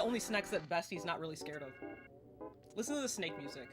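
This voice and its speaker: A young woman streaming a game live, chatting excitably, laughing and swearing casually as she plays. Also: mid-range voice, fast talker. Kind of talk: live gameplay commentary. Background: faint game music.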